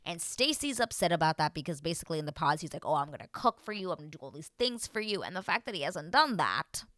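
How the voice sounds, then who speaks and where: Woman host of a reality TV recap, casual and expressive, lower pitch, dry close sound. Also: fast, no room sound. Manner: animated, mimics the people she describes. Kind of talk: casual chat.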